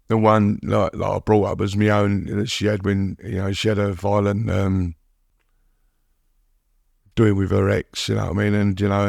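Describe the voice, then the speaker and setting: Gravelly low-voiced man. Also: darkish tone, no room sound, clean studio sound. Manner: halting, repeats words, many "you know what I mean". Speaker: podcast guest. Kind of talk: candid recovery interview.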